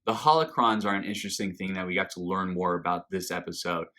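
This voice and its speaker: Excitable male video reviewer, low voice with a bright edge, rambling. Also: quick pace. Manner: enthusiastic, rambling with fillers and restarts. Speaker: reaction video host. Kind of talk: casual review monologue.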